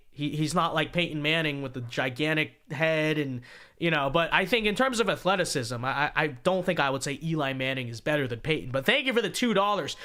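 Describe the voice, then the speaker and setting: A man hosting a political commentary livestream, reading viewer donations aloud and reacting in an animated way, often repeating his first words. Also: fairly high pitch. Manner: animated, repeats words when starting sentences. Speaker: show host.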